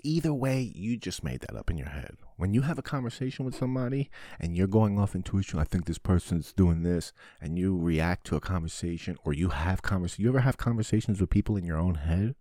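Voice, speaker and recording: A man hosting a podcast, talking in a blunt, profane, animated monologue. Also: low voice, quick pace, no echo, clean studio sound. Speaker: podcast host. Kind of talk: casual monologue.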